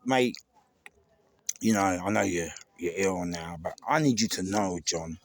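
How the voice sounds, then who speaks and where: A man's voice: low voice, measured pace, no room sound. A middle-aged man with a London accent, speaking an emotional, rambling tribute to camera with many restarts. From England. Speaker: vlogger. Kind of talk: casual tribute monologue.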